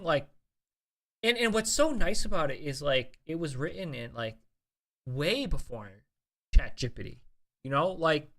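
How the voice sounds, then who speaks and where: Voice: mid-range voice, a bit bright. A young adult streamer chatting casually with viewers, swearing often and full of fillers and restarts. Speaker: streamer host. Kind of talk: casual live-stream chat.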